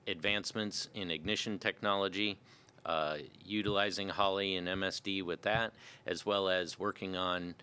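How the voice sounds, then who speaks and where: This is a man with a very deep voice that is crisp and bright in tone. He answers interview questions in a measured, technical manner, laying out the engineering work step by step. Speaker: engine production manager.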